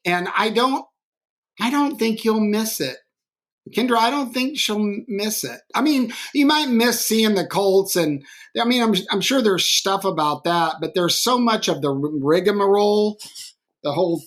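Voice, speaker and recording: A man co-hosting a podcast in casual interview talk, reflective and rambling, his pitch often jumping up as he speaks. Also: animated, unhurried, a bit bright. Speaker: podcast co-host.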